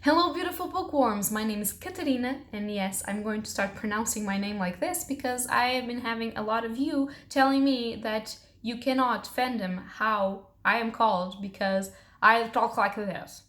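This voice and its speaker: Fast-talking bubbly book vlogger woman. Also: a little high, fairly even intonation, a bit bright. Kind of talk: casual book haul chat. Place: at home, in pajamas.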